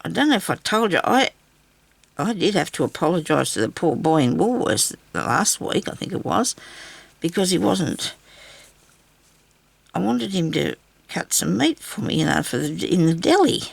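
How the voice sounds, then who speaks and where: A woman's voice: fairly low pitch, big pitch swings, normal speed, creaky, slightly rough, no room sound. An Australian woman chatting in a casual, rambling way while she crafts and tells stories. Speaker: craft vlogger.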